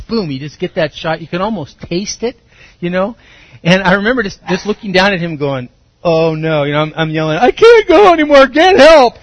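A middle-aged man preaching a sermon in a church, telling stories with lively acted-out voices. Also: on the high side, no echo. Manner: animated storytelling, acts out voices and shouts. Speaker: pastor. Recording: dry, slightly muffled recording.

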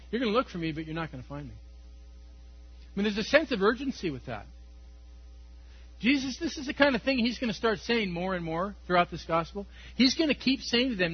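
A man's voice: a little high, breathy edge. Guy preaching a sermon, laughs a lot, kinda dull lo-fi recording w/ faint hum. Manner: animated, laughs often, swings between loud emphasis and quiet intensity. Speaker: pastor.

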